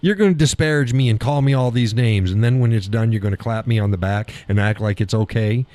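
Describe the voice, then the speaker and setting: A man's voice: on the low side, brisk, darkish tone, dry recording. A middle-aged man hosting a live stream in casual chat, swearing freely, laughing often, telling stories with animation. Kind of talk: casual chat reading viewer comments.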